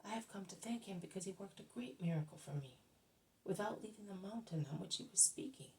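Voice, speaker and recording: A woman voicing a gentle woman consoling another, in a soft, hushed voice. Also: mid-range voice, expressive, brisk, far from the mic, voice pushed up, lightly acted, poor audio.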